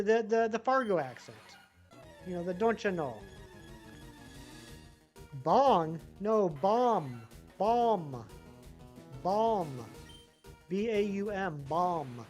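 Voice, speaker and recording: A live streamer with a general American accent, casually reading chat messages aloud and answering them at length. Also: medium pitch.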